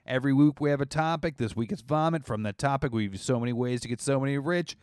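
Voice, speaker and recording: A man's voice: medium pitch, fast, hardly any pauses, darkish tone, clear, resonant tone, dry recording, clean studio sound. A man hosting a casual comedy radio show, playful and laughing often, explaining with frequent asides.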